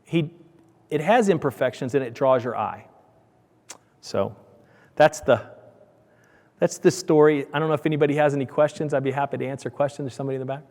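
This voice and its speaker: A middle-aged man giving a conference keynote, telling stories in a lively way and acting out the voices of his family. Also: mid-range voice, fairly quick, pauses often. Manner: animated storyteller, acts out family dialogue. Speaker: keynote speaker. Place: large conference hall. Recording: hall reverb.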